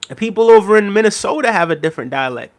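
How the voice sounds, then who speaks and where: A man's voice: high-pitched, animated, racing. A man streaming live in a casual chat, rambling, laughing often and talking straight to his viewers. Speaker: livestreamer. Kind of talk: casual livestream chat, reading out chat.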